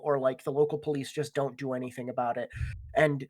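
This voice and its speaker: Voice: mid-range voice, flat delivery, brisk, a little mellow. A game master narrating a tabletop game in a rambling, laid-back way with lots of fillers. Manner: rambling, filler-heavy, laughs often.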